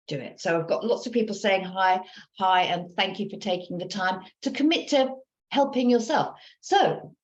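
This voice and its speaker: A woman's voice: on the low side, dull audio. A woman working as a recovery coach, speaking earnestly in a live coaching session and looping back over her points.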